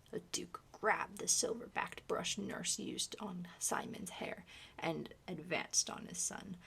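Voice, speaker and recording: A woman reading a novel aloud in a hushed, soft-spoken ASMR style, partly whispered. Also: on the low side, fairly even intonation, measured pace, vocal fry, husky. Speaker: ASMR reader.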